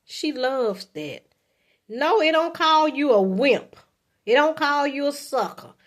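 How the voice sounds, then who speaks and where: A woman in her fifties shares relationship pointers in a casual, homespun way, tagging okay onto her points. Her voice sits a little high and moves a lot, jumping up when she plays out what a man should say. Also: lively intonation, slow pace. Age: 50s. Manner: chatty and folksy, often adding okay, acts out sweet lines to a partner in a high voice. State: coughing from allergies. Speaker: vlogger giving relationship advice. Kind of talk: casual advice talk to camera.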